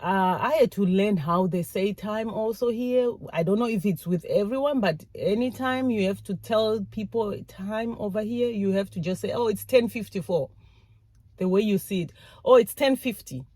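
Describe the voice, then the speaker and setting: The recording is rough but has no echo, capturing a woman with a medium-pitched, dark-toned voice at a moderate pace. She's a vlogger from outside the US chatting to camera about learning how people talk in her new country, acting out short exchanges and laughing as she goes.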